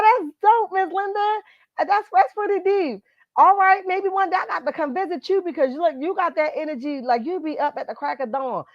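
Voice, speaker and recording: A woman's voice: on the high side, no echo, highs cut off. A woman hosting a casual live stream, commenting on celebrity gossip in an emphatic, sassy way and talking straight to her chat, speaking. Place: at her workplace, indoors. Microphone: computer mic.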